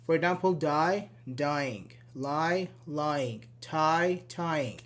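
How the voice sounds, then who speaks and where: Guy teaching english spelling off slides, native persian speaker, talks real slow, lots of okay and uh-huh. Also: fairly high pitch, a bit bright. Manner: slow, repeats word pairs, frequent "okay" and "uh-huh" check-ins. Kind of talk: slide-based grammar lesson.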